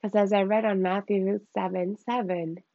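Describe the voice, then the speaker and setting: A woman hosting a podcast episode of casual Bible teaching. She talks in an excitable, rambling way, with many exclamations, on a slightly muffled lo-fi recording. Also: mid-range voice, moderate pace. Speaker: podcast host.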